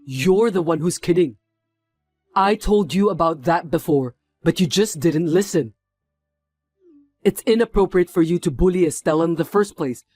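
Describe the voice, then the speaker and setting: A man's voice: a little high, darkish tone, dry recording, lightly acted. A man playing a stern, reproachful young executive. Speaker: company executive, the son.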